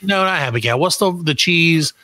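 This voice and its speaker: A man co-hosting a comedy podcast, telling animated stories, acting out voices and swearing freely. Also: fairly high pitch, moderate pace, no room sound. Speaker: podcast co-host. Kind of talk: casual comedic chat.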